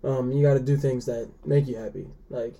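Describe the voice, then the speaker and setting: A man's voice: mid-range voice, steady tone, gravelly, warm tone, lo-fi sound. A young man, a podcast guest, talking casually with many fillers and restarts. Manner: halting, many fillers and restarts, laughs often.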